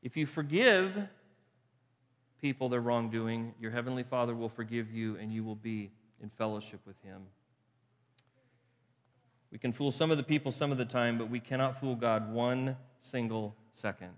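A man's voice: medium pitch, moderate pace. Man preaching in a reverberant hall. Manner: conversational, asks the crowd rhetorical questions; repeats phrases for emphasis. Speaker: pastor. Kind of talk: sermon.

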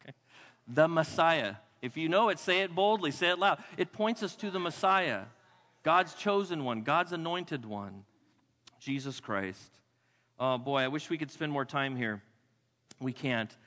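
A male pastor preaching a sermon in a church with emphatic delivery, repeating key phrases and dropping to a hush for weight. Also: fairly high pitch, measured pace. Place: church sanctuary. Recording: long hall reverb.

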